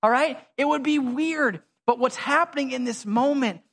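A pastor preaching a sermon in a conversational, animated way, full of slang and asides. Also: male voice, very high-pitched, normal speed. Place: church.

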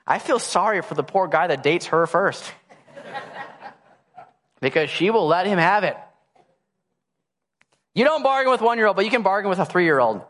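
A man's voice: high voice, animated, normal speed, pauses often, fairly bright tone. A pastor in his thirties preaching a sermon to a congregation, telling family stories in a playful, self-mocking way and acting out his children's demands. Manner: acts out a baby's and a toddler's demands. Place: church hall before a congregation. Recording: long church hall reverb.

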